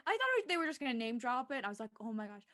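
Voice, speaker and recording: A woman's voice: sits high, very animated, rapid-fire, sharp tone. A woman co-hosting a casual online fan discussion of a TV episode, bubbly and gushing, with lots of fillers. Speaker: podcast co-host.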